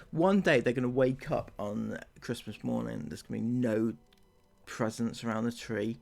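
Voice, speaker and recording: A man's voice: mid-range voice, normal speed, creaky, a little mellow. A man hosting a commentary channel, reacting to clips with mocking, sarcastic remarks and many fillers.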